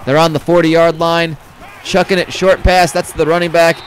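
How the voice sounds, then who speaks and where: A man's voice: fairly high pitch, level tone, a little hiss or hum. A man giving joking, rambling live commentary on a video game football match, calling plays and swearing casually. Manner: rambling, swears, quick play calls.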